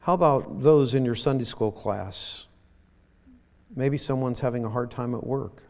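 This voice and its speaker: Man, pastor, sermon, slow, halting, repeats words, reverberant church hall. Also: medium pitch, gravelly, a little mellow. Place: church sanctuary.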